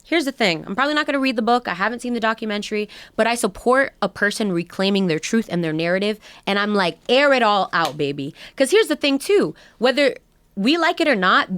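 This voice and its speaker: A woman's voice: on the high side, animated, fast, fairly bright tone, smooth, no echo. A woman co-hosting a podcast in casual chat, passionate and emphatic, with playful asides. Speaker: podcast co-host.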